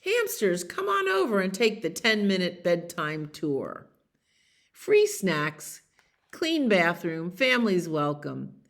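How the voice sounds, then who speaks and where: A woman voicing an excited little pet hamster in a picture book, squeaky and eager as it calls out to its friends. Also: slow pace, heavily acted.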